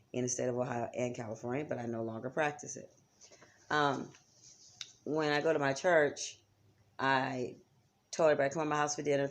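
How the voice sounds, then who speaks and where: A woman giving a chatty, casual lesson on spiritual practice, often checking in with her listeners. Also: very deep voice. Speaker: psychic teacher. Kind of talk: casual instructional talk.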